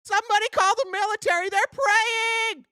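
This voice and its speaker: Woman doing a shrill scared maga voice, yelling way up high. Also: fairly even intonation, normal speed, no room sound, clean studio sound. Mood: panicked mockery. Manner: high, yelling, mock terror. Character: shrill panicked right-wing supporter, easily frightened.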